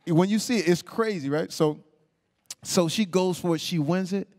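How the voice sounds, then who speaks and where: Man, onstage guest, lively storyteller, mimics voices, slightly high voice. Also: normal speed. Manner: animated, acts out quoted people. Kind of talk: storytelling in a stage interview. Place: onstage talk before a live audience.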